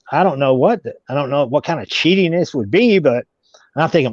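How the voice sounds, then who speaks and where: Guy rambling through a story, kinda high voice, stammers a lot, dull dry audio. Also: lively intonation, a little mellow, dry recording. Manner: halting, repeats words and restarts. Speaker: guest. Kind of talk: casual storytelling.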